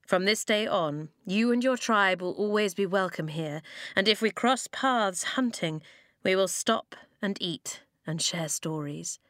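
A woman voicing a calm, steady male tribe leader in a storybook reading, speaking slowly and deliberately. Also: mid-range voice, no room sound, clean studio sound. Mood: solemn. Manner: slow, measured speech.

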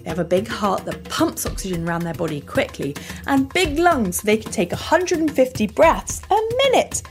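Lively woman hosting a kids' show. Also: medium pitch, faint music behind. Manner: bright, animated, explaining things slowly for kids. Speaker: children's podcast host. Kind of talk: scripted narration for children.

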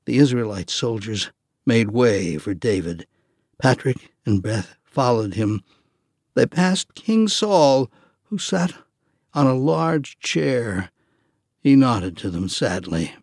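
A man narrates a children's storybook at an unhurried pace. His pitch sits slightly high and moves expressively, recorded dry and close. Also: lively intonation, a little mellow, no echo. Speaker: audiobook narrator. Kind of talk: children's audiobook reading.

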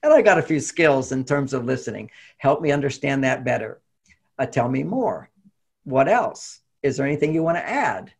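A middle-aged man, a therapist, telling a personal story in a lively way and acting out the lines of the people in it. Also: medium pitch, moderate pace, creaky, breathy edge. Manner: animated storytelling, acting out quotes. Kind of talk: storytelling talk.

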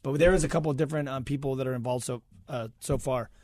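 A man's voice: mid-range voice, steady tone, quick pace, darkish tone. A man hosting a podcast, upbeat and teasing with his guest. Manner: upbeat, teasing, laughs easily. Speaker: podcast host. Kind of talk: casual podcast interview.

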